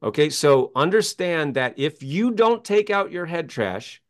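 A success coach and author, guesting on an interview, speaks in a fairly high voice at a measured pace. He tells stories emphatically and animatedly, acting out the quotes.

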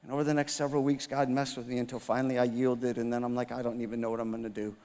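A pastor in his fifties delivers a sermon in a medium-pitched voice. He tells a personal story with self-mocking humor and acts out the dialogue. His voice carries a long reverb from a large church hall. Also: level tone, very fast, dark tone. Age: 50s.

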